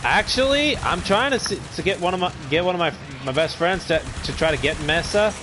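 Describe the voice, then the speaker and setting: A man's voice: high-pitched, animated, a little fast, noisy background. A man hosting a gaming channel, giving laid-back, rambling commentary while he plays and chats to viewers. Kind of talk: casual gameplay commentary.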